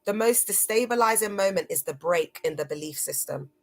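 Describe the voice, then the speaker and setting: Low-voiced woman hosting a motivational livestream. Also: expressive, brisk. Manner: earnest, reads from notes, addresses viewers as guys. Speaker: livestream host.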